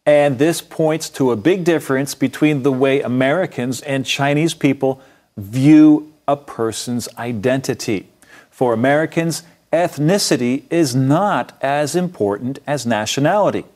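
A man's voice: medium pitch, unhurried, a little mellow. A man co-hosts a short English lesson, reading a scripted dialogue. He explains terms in a friendly, plain way. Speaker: English teacher, co-host.

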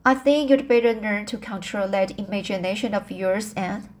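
A woman's voice: mid-range voice, moderate pace, darkish tone, natural voice. Marilla, a stern spinster, as a woman reads her. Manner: plain reading with slips and restarts. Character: stern middle-aged spinster woman, brisk. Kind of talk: amateur audiobook reading.

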